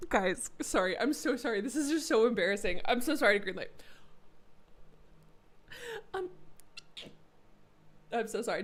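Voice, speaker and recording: Higher-voiced woman streamer, sarcastic. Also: measured pace, pauses often. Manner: animated, sarcastic rants. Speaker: live streamer. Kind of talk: casual chat while gaming.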